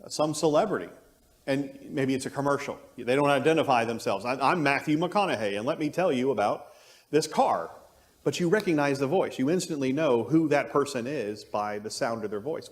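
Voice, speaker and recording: A man teaching an adult Bible class, musing aloud and thinking through his points with frequent restarts. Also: on the high side. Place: church classroom. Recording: long reverb of a church room.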